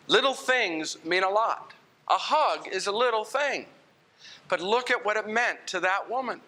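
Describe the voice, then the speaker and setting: A man's voice: sits high, expressive, unhurried, bright, forceful tone. A man preaching a sermon in a church, conversational and telling stories with quoted dialogue. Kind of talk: sermon with storytelling.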